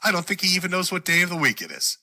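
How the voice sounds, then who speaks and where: A man ranting on his own show, his voice very bright and cutting with a slightly raised pitch. He swears freely and slips into mockery as he builds up steam. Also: sing-song, rapid-fire. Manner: heated, sweary, mocking. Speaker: show host. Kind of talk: profane political rant monologue.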